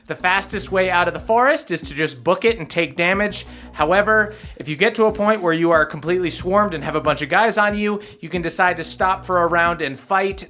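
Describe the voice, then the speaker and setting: A man's voice: a little high, pushed and bright. A man narrating and explaining the rules as game master of a tabletop game, with fillers.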